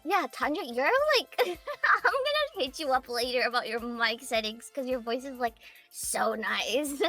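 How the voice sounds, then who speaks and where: High bright-voiced giggly woman. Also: animated, unhurried, hardly any pauses, soft background music. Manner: giggly, chatty and loose. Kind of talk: casual chat.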